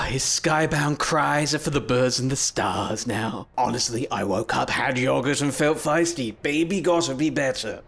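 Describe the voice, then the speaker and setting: A man's voice: measured pace, creaky, few pauses, a bit bright, soft background music. A young man doing comedic VR gameplay commentary, theatrically scolding and swinging between grand speeches and mutters. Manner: mock-dramatic, theatrical scolding with sudden pitch swings. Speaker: gaming YouTuber.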